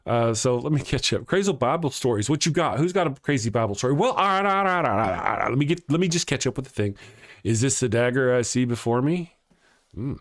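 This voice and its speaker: A man's voice: medium pitch, lively intonation, quick pace, hardly any pauses, fairly bright tone. A man hosting a casual livestream show, reading viewer comments aloud, joking and laughing often as he rambles and restarts his sentences. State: has a headache. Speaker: host of an atheist morning show.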